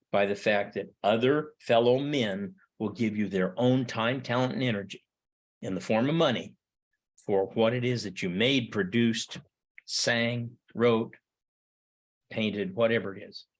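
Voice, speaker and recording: A middle-aged man teaching a history lesson, speaking emphatically and piling up rhetorical questions. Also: fairly low pitch. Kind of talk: classroom lecture.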